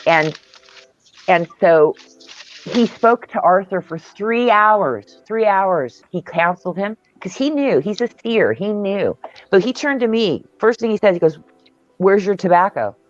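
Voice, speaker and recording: A woman's voice: medium pitch, sing-song, measured pace. A woman hosting a casual spiritual chat over a video call, telling stories intensely and emphatically and swearing freely. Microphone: video call mic. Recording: dull lo-fi dry audio.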